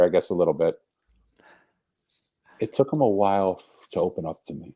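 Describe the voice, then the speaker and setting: A man with a low, dark, husky voice tells a story as a podcast guest. He speaks earnestly and acts out the voices of the people he quotes. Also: expressive, a little fast, pauses often. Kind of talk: storytelling in a conversation.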